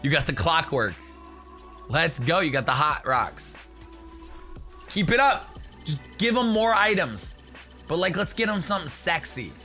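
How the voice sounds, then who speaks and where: Hyped young man shouting over crate openings. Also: fairly high pitch, unhurried, long pauses, soft background music. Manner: excitable, jokey, bursts into shouts. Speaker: gaming video host. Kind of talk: hyped gaming commentary.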